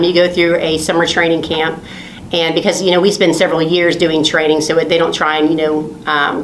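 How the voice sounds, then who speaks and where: A woman in her forties, an Air Force officer, reflecting on her training in a measured way with many fillers. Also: on the low side, slight background noise. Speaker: Air Force officer, former ROTC cadet. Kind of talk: recorded oral history interview. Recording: roomy recording.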